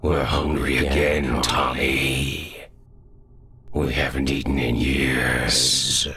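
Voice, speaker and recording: Hungry shadow monsters hissing low and slow, a man putting them on, creepy horror story whisper. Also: little pitch movement, pushed and bright, soft background music, full character voice. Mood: menacing. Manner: whispered, menacing. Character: hungry many-voiced shadow creatures.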